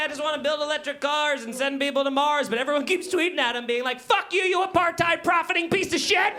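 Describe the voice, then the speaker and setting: A man with a very high-pitched voice does brash, profane stand-up in a small club, with background noise and the audience laughing. He banters with the crowd and acts out little scenes as he tells his stories.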